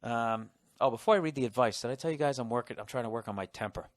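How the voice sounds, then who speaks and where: A man's voice: medium pitch, fast, no echo. Profane rambling man, dry close mic. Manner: profane, rambling, self-mocking; rises to loud excited outbursts. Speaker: podcast host. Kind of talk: solo comedic podcast monologue.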